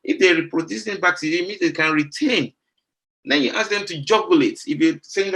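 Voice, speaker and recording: A man's voice: sits high, fairly quick, a bit bright. A middle-aged man from Nigeria, a doctor presenting to pharmacists, earnest and often repeating words while searching for the next phrase. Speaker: doctor giving a talk to pharmacists. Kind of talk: professional presentation.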